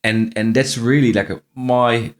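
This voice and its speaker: A man's voice: mid-range voice, little pitch movement, a little slow. A middle-aged man, not a native English speaker, with a faint Irish-tinged accent, telling stories as a podcast guest, restarting often and repeating phrases. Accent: faint Irish-tinged non-native English. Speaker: podcast guest, franchise CEO. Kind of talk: casual interview storytelling.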